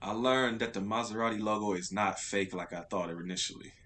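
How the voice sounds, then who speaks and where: A man guesting on a casual movie podcast, relaxed and swearing freely. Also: on the low side, brisk, slight background noise.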